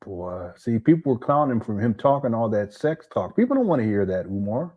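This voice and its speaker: A man's voice: lowish voice, very animated, fairly quick, dull audio. A man hosting a casual commentary video, laughing and making mocking asides. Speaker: commentary host.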